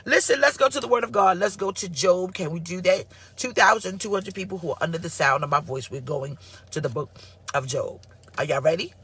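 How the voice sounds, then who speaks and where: A woman pastor giving a casual live-streamed sermon, sassy and animated as she answers her online viewers. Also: fairly low pitch, brisk, husky. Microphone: phone or computer mic for live stream.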